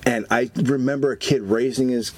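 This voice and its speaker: A man's voice: mid-range voice, normal speed. A man co-hosting a podcast, telling jokey anecdotes in casual chat and acting out the people in them. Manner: jokey, animated storytelling with voices. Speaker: podcast co-host.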